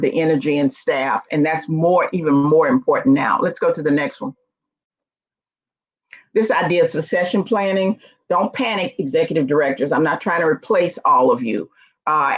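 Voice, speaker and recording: A woman speaking at a conference about how boards should work, lively and emphatic as she tells her stories. The recording sounds dull and lo-fi, with the top end muffled. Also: low voice, slightly rough. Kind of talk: conference talk.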